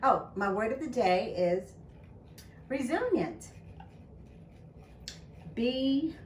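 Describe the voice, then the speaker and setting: An older woman chatting casually to camera in her home kitchen, talking warmly and laughing often as she makes juice. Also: on the high side, measured pace. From United States. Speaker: home juicing vlogger. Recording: roomy kitchen, mic at a distance, loud appliance noise.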